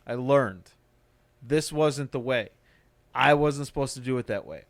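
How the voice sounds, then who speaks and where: A stand-up comic hosting a podcast rants casually, mixing profanity with motivation in a relaxed chat. He speaks unhurriedly in a mid-range voice, and the recording is dry.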